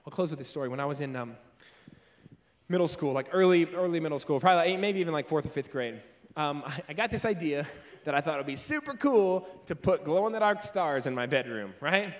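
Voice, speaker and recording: A young man giving a motivational speech in a large room, telling a story in a lively, casual way, often saying "like" and acting out what he once said. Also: on the high side, a little fast. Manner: animated storyteller, heavy use of "like", acts out his own past lines. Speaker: keynote speaker.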